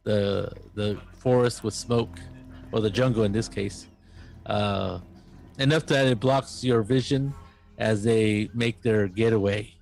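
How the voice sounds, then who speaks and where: A man narrating a tabletop game as game master, pausing often with fillers and restarts. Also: on the low side, steady tone, vocal fry, darkish tone, soft background music. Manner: halting, many fillers and restarts.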